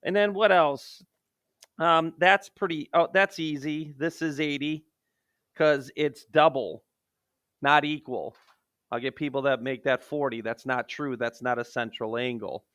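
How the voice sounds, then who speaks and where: A man's voice: a little high, steady tone, a little slow, fairly bright tone, clean tone, no echo, studio quality. Joking man teaching a geometry lesson. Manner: joking, self-deprecating, jumps from playful outbursts to mutters. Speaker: math teacher.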